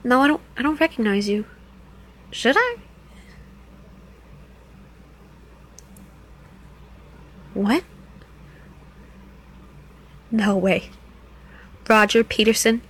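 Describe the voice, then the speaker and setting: A woman's voice: sits high, low-quality recording. A woman playing a teasing New Jersey club dancer. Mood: startled, awkward. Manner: playful, teasing, coaxing. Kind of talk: first-person audio role-play.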